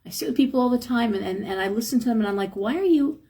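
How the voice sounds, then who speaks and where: A middle-aged woman on a live stream talks through spiritual advice in a frank, chatty way and sounds a bit worn out. Her voice sits fairly high, with a husky edge and a gravelly fry at the ends of her phrases. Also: fairly even intonation, very fast, darkish tone. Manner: chatty, frank, acts out quotes with a higher voice. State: tired. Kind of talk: casual live-stream talk, reading chat.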